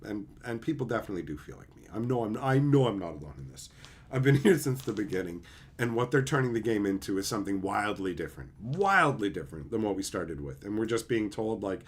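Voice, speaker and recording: Husky man in a profane heated rant. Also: medium pitch, lively intonation, fairly quick. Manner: profane, heated, sarcastic, mocks opponents in put-on voices. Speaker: streamer. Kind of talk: ranting commentary.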